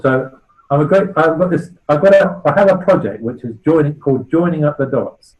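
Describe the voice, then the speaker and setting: A man's voice: on the high side, fairly quick, darkish tone, poor audio. A man in his sixties with a West Country accent, a charity founder giving an informal talk to a club, chatty and anecdotal. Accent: West Country English. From West Country of England. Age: 60s. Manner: chatty and anecdotal, checking in with "right?".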